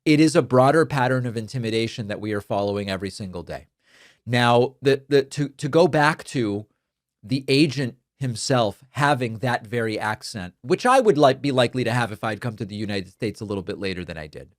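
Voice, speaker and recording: A man whose first language is Spanish delivers an emphatic, argumentative political commentary monologue as host. His pitch sits in an ordinary middle range for a man, and the close, dry recording has almost no room sound around it. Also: lively intonation, brisk, dry recording.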